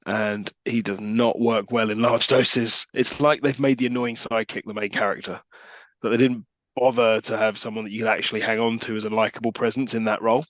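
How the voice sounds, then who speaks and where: A man's voice: on the low side, level tone, brisk, a bit bright, no room sound. A man co-hosting a film podcast, making dry wisecracks and swearing casually. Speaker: podcast co-host.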